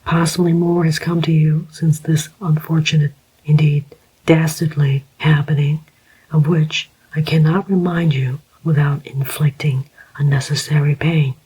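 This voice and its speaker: A narrator whispering the part of a gentle, formal older male inquiry agent, as whispered role-play. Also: mid-range voice, level tone, measured pace, breathy edge, low-quality recording. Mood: grave.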